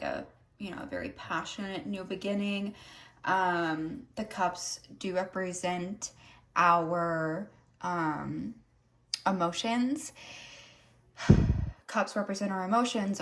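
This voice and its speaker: A young woman giving a casual tarot reading, rambling earnestly with many "like"s and "um"s. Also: medium pitch. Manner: rambling, earnest, heavy use of 'like' and 'um'. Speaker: tarot reader. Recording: roomy echo.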